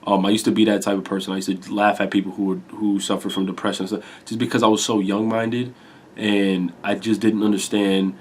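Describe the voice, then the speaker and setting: A man's voice: fairly low pitch, flat delivery, a little fast. Young man, congested and tired-sounding, rambling and candid to camera, faint background hiss. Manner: rambling, confessional, swears casually. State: congested, low energy. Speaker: YouTuber talking to camera. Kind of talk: candid personal talk.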